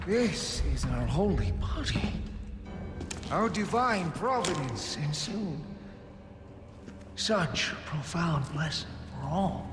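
A man's voice: on the high side, animated, slow. An actor playing a grandiose, menacing male cult leader in a video game, preaching in a pompous, commanding way. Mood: solemn. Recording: long hall reverb. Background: loud game music.

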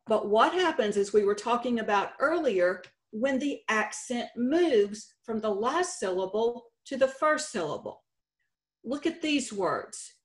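A woman contest director giving a slow, deliberate instructional talk on spelling rules. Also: a little high. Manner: slow, deliberate teacherly explanation. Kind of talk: instructional presentation.

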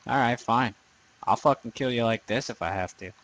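A young man commenting on his own gameplay in a loose, rambling way, swearing freely and making fun of his own nerdiness. His voice sits at an everyday middle pitch, neither high nor low. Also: moderate pace, fairly bright tone, poor audio. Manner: profane, rambling, self-deprecating. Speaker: gaming commentator. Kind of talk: let's play commentary.

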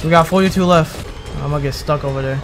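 High-voiced excitable man playing a game. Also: fast talker. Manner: excitable, yelping and pleading. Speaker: gamer. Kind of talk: game playthrough commentary. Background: game music.

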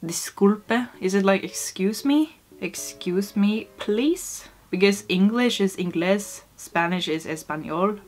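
Slow-talking playful young woman vlogger. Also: mid-range voice. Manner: playful, self-mocking, swears when frustrated. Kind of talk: casual chat while learning Spanish.

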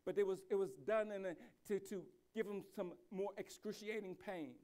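A male pastor with a fairly high voice preaching a sermon. He drops to soft, reflective stretches, then builds to loud, slow, emphatic declarations, often stumbling and repeating words as he goes. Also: fairly even intonation. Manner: frequent restarts and repeated words.

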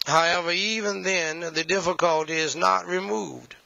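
Gravelly, bright-voiced male preacher. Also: sits high, moderate pace, no echo, lo-fi sound. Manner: emphatic, repetitive preaching with folksy asides. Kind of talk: sermon.

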